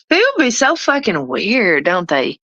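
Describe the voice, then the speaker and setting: A woman's voice: medium pitch, fairly bright tone, dry recording, lo-fi sound. A woman hosting a casual livestream, taunting and cursing at people in her chat. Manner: taunting, profane, laughing at chat. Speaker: livestream host.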